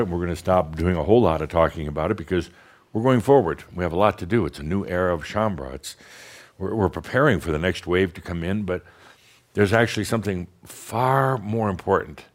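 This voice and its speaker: A man giving a channeled spiritual talk to an audience, blunt and teasing, slowing down to guide deep breaths. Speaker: spiritual teacher channeling a master.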